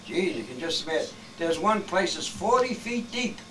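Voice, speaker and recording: An elderly man in his eighties spins rambling, salty old stories and keeps chuckling as he goes. His voice sits a touch high. He is caught from across the room on a home video, with clear noise behind him. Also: very animated, normal speed. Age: 80s. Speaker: grandfather telling old stories. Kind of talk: casual storytelling. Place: family birthday gathering at home. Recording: distant home-video recording with background noise.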